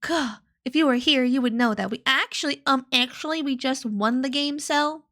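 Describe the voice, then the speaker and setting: A woman streamer chatting casually while playing a game, giggling and squealing when excited. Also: high voice, moderate pace. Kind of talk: casual gameplay chat.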